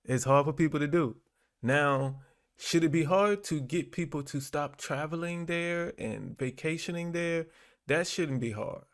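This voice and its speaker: A man hosting a casual commentary channel, reacting to clips in a relaxed, chuckling, halting way. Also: fairly high pitch. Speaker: host.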